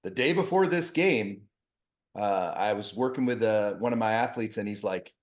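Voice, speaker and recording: A man's voice: lowish voice, moderate pace. A man co-hosting a baseball podcast, a youth coach telling a story in casual chat and acting out the dialogue. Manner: animated storyteller, acts out dialogue.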